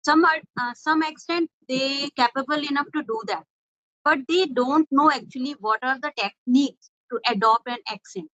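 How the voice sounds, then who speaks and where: A woman's voice: sits high, moderate pace, a bit bright, no room sound. A woman interviewing a guest in an English-practice conversation, earnestly summing up points and asking questions. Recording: dull lo-fi audio.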